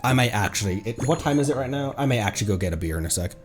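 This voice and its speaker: A man's voice: mid-range voice, lively intonation, racing, music in the background. A man streaming a game, chatting casually and correcting himself as he goes. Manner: chatty, rambling, self-correcting, laughs easily. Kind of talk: casual gameplay chat.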